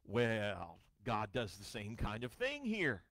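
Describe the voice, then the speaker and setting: A male pastor preaching a sermon, reading scripture dramatically with wry storytelling asides, his voice swinging from booming to hushed. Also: huge pitch swings, takes it slowly, no room sound. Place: church sanctuary.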